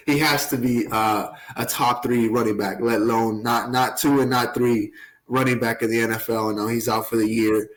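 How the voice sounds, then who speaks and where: A man's voice: medium pitch, expressive, measured pace, rough recording. Rambling man talking sports. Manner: rambling with fillers and laughs. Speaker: podcast co-host. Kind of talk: casual sports chat.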